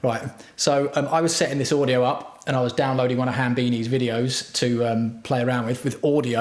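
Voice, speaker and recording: A man's voice: medium pitch, fairly even intonation, brisk, hardly any pauses. Profane, rambling man, roomy room. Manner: profane, crude, self-mocking storytelling. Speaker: livestream host. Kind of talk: rambling casual livestream chat.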